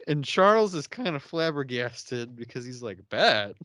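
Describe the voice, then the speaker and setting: A man's voice: mid-range voice, animated, moderate pace, a bit bright, dry recording. A young man hosting a podcast, chatting casually and laughing often as he acts out characters' lines. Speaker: podcast host. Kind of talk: casual chat recapping a TV episode.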